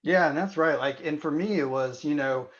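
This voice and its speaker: A man's voice: fairly high pitch, moderate pace, fairly bright tone, lo-fi sound. A man from Indiana, a physician guest on a podcast, speaking candidly and reflectively with frequent "you know" and restarts. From Indiana, USA. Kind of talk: candid conversational interview.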